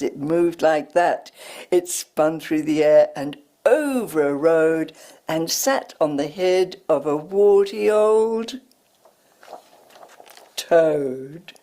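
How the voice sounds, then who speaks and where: Slow, warm woman reading a storybook. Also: medium pitch. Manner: expressive, sing-song rhythm. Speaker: teacher reading a picture book aloud. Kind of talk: sing-song picture book reading.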